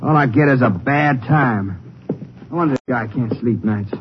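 A young ex-cowpoke prizefighter, played by a man, drawling and bone-tired, in a 1950s radio play. The voice sits at a middle pitch. It comes through a dull old broadcast with hiss behind it. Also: moderate pace, natural voice. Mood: weary. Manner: weary drawling Western talk. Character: young worn-out ex-cowpoke boxer. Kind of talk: 1950s radio drama acting.

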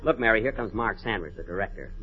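A man's voice: on the low side, lively intonation, fast talker, slightly rough. A man hosting a 1940s radio comedy, with a fussy, indignant, put-upon manner. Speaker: comedy host. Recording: dull old radio broadcast.

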